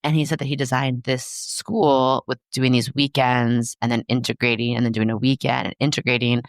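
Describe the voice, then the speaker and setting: A woman's voice: very deep voice, moderate pace, no echo. Woman, podcast host, casual chat, goofy storyteller, dry sound. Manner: animated, self-deprecating storyteller.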